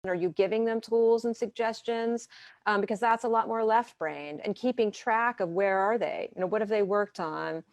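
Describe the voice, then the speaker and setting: A woman therapist answering interview questions in a lively way, often acting out clients' quoted lines as she gives examples. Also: mid-range voice, moderate pace, no room sound. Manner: animated, talks through examples and quoted dialogue. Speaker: therapist and coach.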